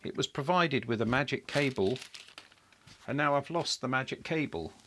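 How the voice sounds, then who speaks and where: A man talking half to himself at an electronics workbench, mid-pitched and unhurried. He mutters as he checks parts and searches for things, with a wry, self-deprecating edge. It sounds like a live build stream with thinking aloud. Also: lively intonation, a bit bright, slight background noise. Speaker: electronics hobbyist host.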